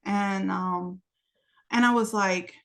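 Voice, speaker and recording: A woman's voice: medium pitch, steady tone, takes it slowly, fairly bright tone. A woman guest on a podcast, telling a personal story in conversation, acting out the dialogue in it and laughing often, with many "you know" asides. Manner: frequent laughter while telling.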